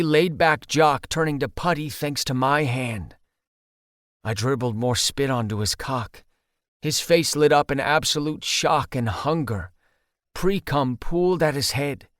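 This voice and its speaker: A man narrating an audiobook in the first person, steady and intimate. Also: on the high side, no echo, studio quality.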